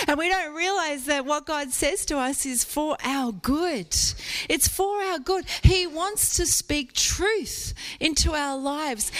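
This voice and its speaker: A woman delivers a sermon in a conversational, playful manner. Her voice sits slightly high, and she keeps drawing listeners in with rhetorical questions. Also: a bit bright. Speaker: preacher.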